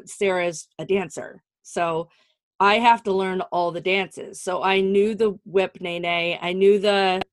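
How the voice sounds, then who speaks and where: A woman's voice: mid-range voice, steady tone, takes it slowly. A middle-aged woman hosting a comedy podcast, chatting and joking with a guest, laughing often. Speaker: podcast host. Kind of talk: casual comedic chat.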